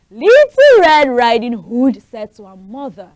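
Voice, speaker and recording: A woman hosting a children's show, telling a fairy tale and talking to the kids directly in an animated way. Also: high voice, moderate pace, few pauses, no echo, poor audio. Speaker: storyteller host of a children's show. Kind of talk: storytelling for children.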